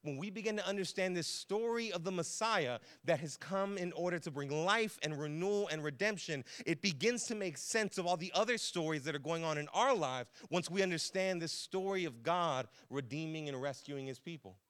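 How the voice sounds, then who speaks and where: A male pastor preaching in a church sanctuary with a bright, forceful voice that sits a little high for a man. His delivery is loose and conversational, full of fillers and quick self-corrections. The tone is clean and smooth. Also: lively intonation. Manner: casual and chatty, many fillers and self-corrections. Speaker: lead pastor. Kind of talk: conversational sermon.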